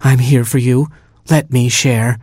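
Storybook baboon king, earnest and soothing, read by a man in a husky, dry voice. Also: mid-range voice, fairly even intonation, measured pace, darkish tone, no echo. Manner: earnest, soothing, full of caring clichés. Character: earnest therapy-speaking baboon king, male adult.

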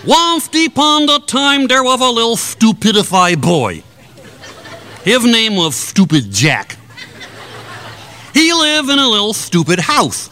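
A man telling a comic fairy tale in a drawn-out, mock-childlike way, putting on voices for the characters. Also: very high voice, huge pitch swings, pushed and bright, a little hiss or hum. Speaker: storyteller.

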